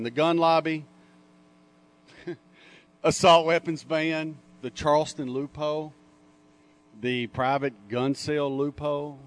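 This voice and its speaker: Man with a slightly high voice giving a jokey conference talk. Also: fairly bright tone. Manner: jokey, punchy, mocking. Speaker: conference speaker, journalist. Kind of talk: lively conference talk with audience call-and-response. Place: conference hall.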